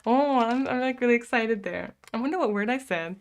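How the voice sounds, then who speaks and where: A woman's voice: a little high, fairly quick. Chatty young American woman streamer. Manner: chatty, fills speech with "like", laughs often. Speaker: live streamer. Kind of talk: casual chat, reading out viewer comments. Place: home streaming room.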